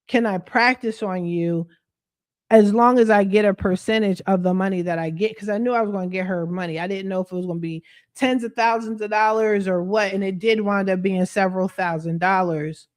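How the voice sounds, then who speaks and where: A woman's voice: mid-range voice, fairly even intonation, brisk. Woman coach, livestream rant, blunt and profane, slangy, speaks straight to camera. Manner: blunt, profane, fired-up venting; streetwise slang, addresses viewers directly. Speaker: credit repair coach.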